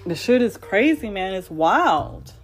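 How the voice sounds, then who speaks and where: A woman's voice: mid-range voice, sing-song, a little slow, soft background music. A woman vlogger delivering a heated, profane monologue rant, repeating herself for emphasis.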